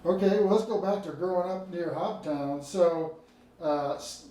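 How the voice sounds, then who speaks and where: A man who is a library dean, asking casual, slightly halting questions in an oral history interview. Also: high-pitched, mellow. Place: interviewee's apartment. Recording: distant mic in a roomy room with faint noise.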